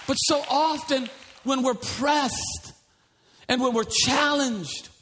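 A man's voice: very high voice, slow pace, fairly bright tone, some chatter behind, a little hiss or hum. A male pastor preaching a sermon in a church, emphatic, with many repeated rhetorical questions.

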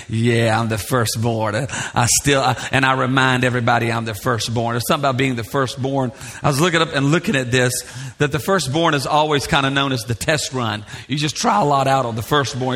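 A middle-aged man preaching a sermon in a church, telling stories in a conversational way and asking the congregation questions. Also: mid-range voice. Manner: storytelling, animated and conversational, asks the congregation questions. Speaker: pastor.

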